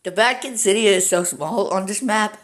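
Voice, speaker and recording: A man's voice: high-pitched, a little fast, a bit bright, slight background noise. A male gamer at home giving casual commentary on a strategy map game, rambling and easily sidetracked, with lots of "like.". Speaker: gaming commentator.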